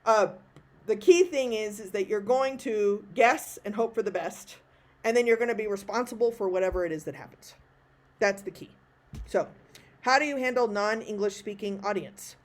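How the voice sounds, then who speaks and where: A talkative woman answers questions from an online audience. She keeps it casual and self-deprecating, with quick asides, and her voice sits in a middle pitch for a woman. It sounds like she is speaking on a video call. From Texas. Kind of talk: live online Q&A talk.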